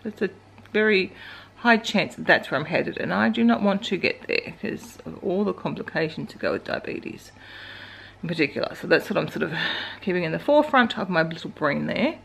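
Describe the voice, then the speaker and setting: A woman's voice: fairly low pitch, animated, a little fast, creaky, fairly bright tone, slightly rough. An Australian woman in her forties, chatting casually in a home vlog, rambling and laughing as she talks to her dogs. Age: 40s. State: out of breath from exercising. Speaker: vlogger.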